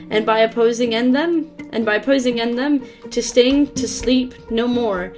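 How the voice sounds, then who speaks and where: A woman's voice: fairly high pitch, pitched above the performer's own voice, close to an everyday voice. Woman doing a nervous bee reciting Hamlet. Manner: slow, theatrical declaiming.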